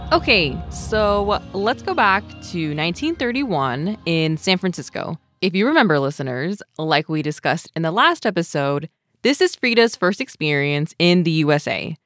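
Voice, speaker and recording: A woman's voice: lowish voice, big pitch swings, normal speed, fairly bright tone, no echo, soft background music. A woman co-hosting a podcast, telling a story and then chatting with a friend, laughing often. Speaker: podcast co-host. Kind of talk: narration and casual chat.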